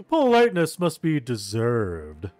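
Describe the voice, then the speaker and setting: A man hosting a let's play, narrating game text and tossing in his own remarks with frequent laughs. His pitch sits a touch high and swings widely, heard close and dry on a desk mic with faint game music underneath. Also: takes it slowly, dry recording. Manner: animated, laughs often. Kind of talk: casual game commentary and narration.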